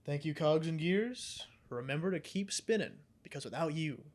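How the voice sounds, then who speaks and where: A young man co-hosting a casual podcast, retelling cartoon episodes with big animated energy. His voice sits a bit high for a man, and he breaks into laughter while swearing casually. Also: normal speed. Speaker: podcast co-host. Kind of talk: casual chat.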